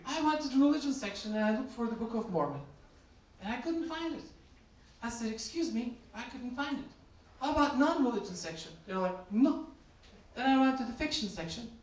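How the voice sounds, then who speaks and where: A man from Turkey doing a stand-up comedy set, telling stories in a deadpan way and acting out the other people in them. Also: extremely high pitch, fairly quick. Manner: deadpan storytelling, acts out voices in quotes. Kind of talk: stand-up set with crowd work. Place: comedy club stage. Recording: roomy live club sound, mic distant, crowd noise. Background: audience laughter.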